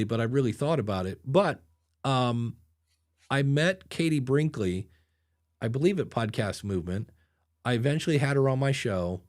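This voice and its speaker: A man's voice: medium pitch, darkish tone. A man hosting a podcast in casual chat, a chatty storyteller who acts out the people he quotes. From Ohio. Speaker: podcast host.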